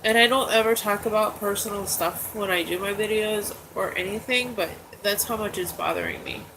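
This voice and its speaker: A middle-aged woman vlogs from her bedroom, telling a story in an upset, rambling way with plenty of fillers. She sounds close to tears the whole time. Her voice sits at an ordinary middle pitch, and steady background noise runs under it. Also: moderate pace. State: holding back tears. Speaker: vlogger. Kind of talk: casual personal storytelling vlog.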